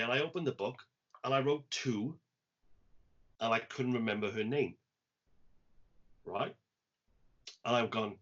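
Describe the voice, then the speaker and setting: A man, co-hosting a poetry podcast, telling an anecdote in a casual, animated way and acting out the quoted lines. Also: medium pitch, a little slow, pauses often. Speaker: poet and podcast co-host. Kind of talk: casual storytelling chat. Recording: dull lo-fi podcast audio.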